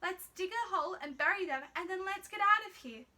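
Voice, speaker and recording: A woman doing a squeaky, plucky little storybook girl. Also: lively intonation, fairly quick, sharp tone, exaggerated voice. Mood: cheeky. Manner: childlike, pleading. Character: clever young girl, tearful then bold.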